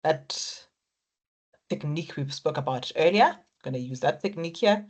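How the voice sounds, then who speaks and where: A woman's voice: low voice, expressive, normal speed, darkish tone. A woman lecturing students on exam technique, encouraging and repetitive as she talks them through each step. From Africa. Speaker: accounting lecturer.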